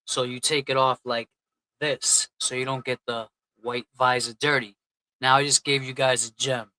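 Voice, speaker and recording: A man's voice: medium pitch, flat delivery, normal speed, bright, forceful tone, no echo, poor audio. A man hosting a casual livestream, reading out and thanking chat donors in a loose, chatty way. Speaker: livestream host.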